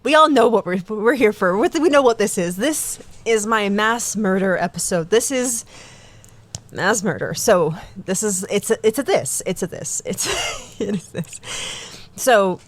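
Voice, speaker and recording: A woman's voice: medium pitch, expressive, a little slow. A woman co-hosting a casual true-crime podcast, chatty and self-deprecating, laughing often. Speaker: podcast co-host.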